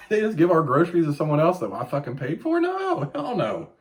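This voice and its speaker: Talking at normal speed in a fairly high voice, a podcast host in his late thirties tells profane, lively stories during a casual chat. Yelped quotes and lots of swearing run through it.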